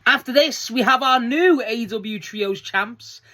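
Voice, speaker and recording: A wrestling fan reviewing last night's show in a loose, chatty vlog, swearing freely and laughing often, with the voice jumping up high when excited. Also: measured pace. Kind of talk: casual solo review vlog.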